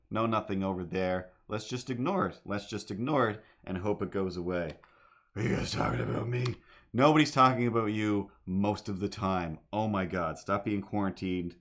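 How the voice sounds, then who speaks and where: A man's voice: low voice, fairly bright tone. A man chatting casually on a home stream while he draws, rambling from one thing to the next, breaking into sung bits and talking to his cat. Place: home apartment.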